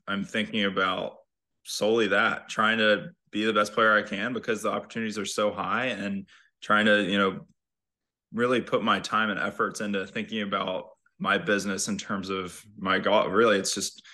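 A young man speaking as a podcast guest about his sport. His voice sits low and fairly flat in pitch yet has a bright, forward tone. He talks in a relaxed, meandering way, circling back with fillers and restarts. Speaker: professional golfer guest. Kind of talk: casual interview talk.

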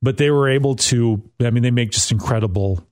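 A man from the northern United States co-hosting a podcast, telling animated, self-mocking stories in casual chat and laughing often. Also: mid-range voice, a little fast. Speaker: podcast co-host.

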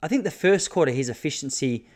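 A man's voice: mid-range voice, lively intonation, quick pace. An Australian man in his thirties hosts his own podcast alone. He talks casually and rambles from story to story. He jokes a lot and slips into mock rants. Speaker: podcast host. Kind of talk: casual solo podcast chat.

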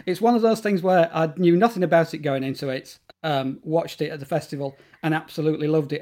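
Guy gushing about films, bit of a high voice, lots of ums and restarts. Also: a little mellow. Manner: enthusiastic, rambling with fillers and restarts. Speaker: guest horror film enthusiast. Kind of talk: casual interview chat.

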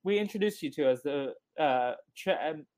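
A male podcast host loosely recaps a film in casual chat, sprinkling in lots of fillers, pausing often, and acting out the quotes. His voice is fairly high, animated, and a little mellow.

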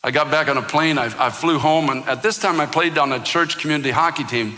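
A man's voice: a little high, fast, pushed and bright, long reverb tail. A man preaching a sermon as pastor, telling a personal story with impassioned, rising intensity.

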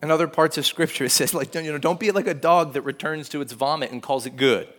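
A man's voice: fairly high pitch, quick pace, a bit bright. A man in his thirties preaching a conversational sermon, acting out quoted voices with lots of fillers. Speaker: pastor.

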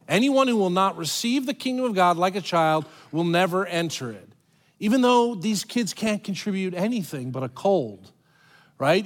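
A male pastor giving a sermon in an animated, conversational way, with dramatic pauses and quoted voices. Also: high voice.

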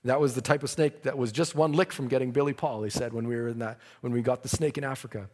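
A man's voice: medium pitch, fairly even intonation, fast talker, darkish tone, in a large hall. A man preaching a sermon, telling a story dramatically and breaking into praise.

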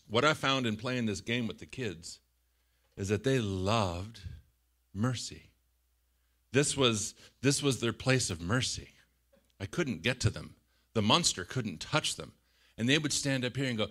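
A middle-aged man preaching a sermon, lively and animated, shouting out quoted lines and laughing often. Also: medium pitch, moderate pace. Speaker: pastor.

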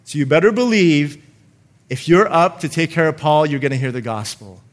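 A man preaching a sermon, slowing down to stress scripture and calling on the congregation to repeat lines after him. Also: on the high side, sing-song. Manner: emphatic, calls for congregation responses, slows to stress scripture.

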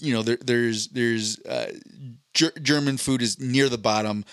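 A man's voice: medium pitch, fairly even intonation, unhurried, fairly bright tone, clear, resonant tone, dry recording, clean studio sound. Casual, rambling male podcast storyteller. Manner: rambling anecdotal storytelling with profanity. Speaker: podcast co-host. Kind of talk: casual chat.

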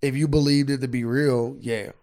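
A man's voice: medium pitch, fairly even intonation, moderate pace, a little mellow. A man co-hosting a podcast, chatting loosely and with plenty of swearing, sometimes reading facts aloud. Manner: loose, profane, reads facts aloud from a screen. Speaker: podcast co-host. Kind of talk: casual chat.

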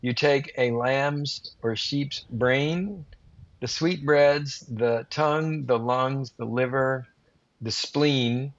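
A man's voice: mid-range voice, slow, dry recording. A man who is a guest on a grilling podcast, telling vivid anecdotes in an interview. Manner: animated, vivid storyteller. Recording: slightly muffled dry recording.

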